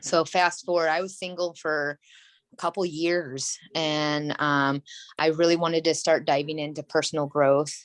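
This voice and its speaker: Woman, 30s, interview guest; low, dry voice; earnest, rambling storyteller. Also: little pitch movement, unhurried, dry recording. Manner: rambling, frequent "like" and "you know"; earnest and emotional. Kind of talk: candid personal storytelling.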